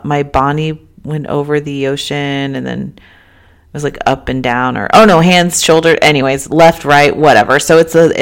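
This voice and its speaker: A woman's voice: deep voice, smooth. A woman in her thirties hosting a casual solo podcast, tired and chatting in a rambling way that keeps interrupting itself. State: tired, yawning. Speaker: podcast host.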